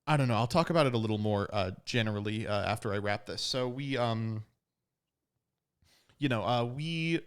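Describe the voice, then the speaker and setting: Animated young man telling a story. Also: on the low side, normal speed, clear, resonant tone. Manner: animated, laughs often, acts out quotes. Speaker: podcast host recapping a card tournament. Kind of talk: casual storytelling recap.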